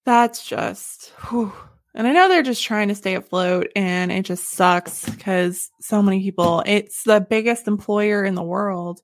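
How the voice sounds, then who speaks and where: A woman's voice: medium pitch, unhurried, no echo, clean studio sound. A woman in her twenties or thirties hosting a podcast, chatting casually and reading an ad in an upbeat way, laughing often. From Southern United States. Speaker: podcast host. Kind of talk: casual chat and read ad.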